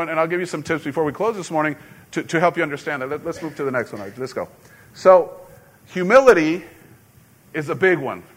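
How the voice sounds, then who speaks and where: Preaching in a slightly high voice, a middle-aged pastor keeps his sermon conversational and full of storytelling. He drops in sudden, loud bursts of emphasis.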